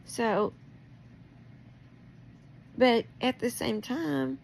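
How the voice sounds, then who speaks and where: A middle-aged woman with a gravelly, fry-laced voice vents in a rambling personal monologue. She talks straight at someone she is angry with, firing off accusing questions and laughing through her fury. A faint hiss sits under her voice. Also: fairly high pitch, drawn-out words. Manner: confrontational, addressing someone directly.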